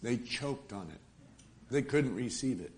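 A man's voice: mid-range voice, expressive, a little slow, slight background noise. Emphatic man preaching a sermon. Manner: emphatic, calls for amens.

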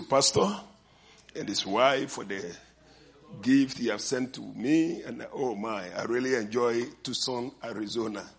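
An older man with a foreign accent preaching a sermon, leading the congregation with call-and-response and repeated amens. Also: medium pitch. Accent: non-native English accent. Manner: call-and-response, repeated "amen and amen", drawn-out emphasis. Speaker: visiting preacher.

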